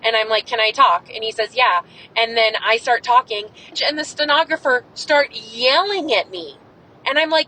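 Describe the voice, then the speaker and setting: A young adult woman podcast host in an impassioned monologue, angry and swearing hard. Her voice is bright and pitched a little high. A faint rumble sits under the recording. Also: normal speed, low-quality recording. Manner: angry, profane, emphatic.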